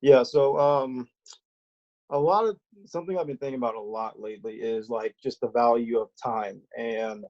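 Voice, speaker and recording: A man's voice: medium pitch, moderate pace, a little mellow, lo-fi sound. A man on a group video call, sharing reflective thoughts in a slightly hesitant way. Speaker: team member.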